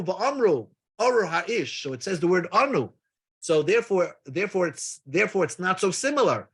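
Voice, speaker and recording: A man's voice: high voice, fairly bright tone, husky. A man giving a daily Talmud lesson, explaining step by step with casual asides and freely mixing in Hebrew and Aramaic terms. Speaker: Talmud teacher.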